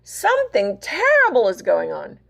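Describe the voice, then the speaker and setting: A woman voicing a frantic, worried hen in a read-aloud picture book, her voice pushed up high with breathless alarm. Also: huge pitch swings, moderate pace, creaky, a bit bright, full character voice.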